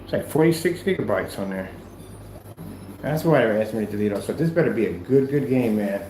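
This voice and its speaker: A man's voice: lowish voice, animated, brisk, dark tone. Chatty man rambling through a home DIY tip. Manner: rambling, chatty, self-correcting. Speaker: maker of projection screen paint. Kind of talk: casual how-to vlog. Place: indoors at home. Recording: roomy echo, faint noise.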